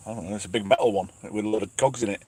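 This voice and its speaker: A man's voice: lowish voice, rapid-fire, darkish tone, slightly rough, dry recording. A man who drives trucks, chatting casually on a live stream from his cab at night, reading out viewer questions with self-mocking laughs. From England. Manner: chatty, self-mocking, laughs often, reads names aloud. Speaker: truck driver and channel host.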